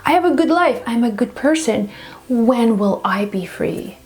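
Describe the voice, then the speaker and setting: A man's voice: extremely high pitch, animated, measured pace, heavily acted. A woman voicing a proud, self-righteous village nobleman who pleads and protests. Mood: pleading. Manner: pleading, then indignant.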